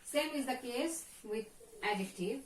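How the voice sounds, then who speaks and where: A woman teacher with a Bangladeshi accent works through a pronunciation lesson, saying each word two or three times. Her delivery is unhurried and her voice sits slightly high. She is heard from some distance in a room with a noticeable echo. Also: animated, background noise. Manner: repeats words for pronunciation drill. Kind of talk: slow classroom lesson. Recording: echoey room from far off.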